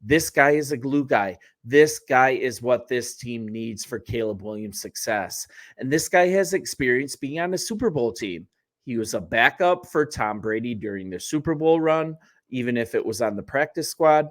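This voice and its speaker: A man's voice: mid-range voice, animated, normal speed. Chatty man doing sports commentary. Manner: chatty and wry, with joking asides and self-corrections. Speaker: sports channel host. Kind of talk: casual sports commentary to camera.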